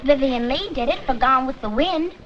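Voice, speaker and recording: A woman's voice: high-pitched, normal speed. An actress with an American accent playing an eager, encouraging young woman in a 1960s sitcom. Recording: dull old TV soundtrack with loud hiss.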